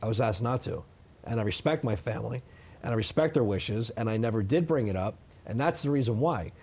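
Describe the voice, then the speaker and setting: Man, 30s, interview guest, emphatic, defensive, mid-pitched voice. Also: expressive, a little fast, a little mellow, slightly rough. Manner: emphatic, defensive, repeats "okay?". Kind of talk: sit-down interview.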